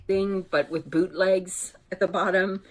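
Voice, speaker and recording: A woman's voice: on the low side, fairly even intonation, unhurried. A woman vlogger telling candid dating stories in a casual, conversational storytime way. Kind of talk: chatty storytime vlog.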